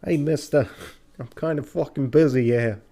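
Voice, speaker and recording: A man's voice: mid-range voice, moderate pace, dark tone, voice pushed up, natural voice. A man voicing a cocky young male bird-folk inventor in a put-on New York accent while reading game dialogue on a let's play. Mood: boastful. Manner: boastful, brash.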